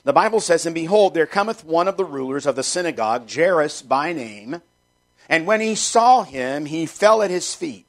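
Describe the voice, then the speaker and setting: A man's voice: on the high side, expressive, moderate pace, vocal fry. A man preaching a sermon, reading scripture aloud and fervently repeating short refrains. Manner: reads scripture in old-fashioned wording. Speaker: pastor.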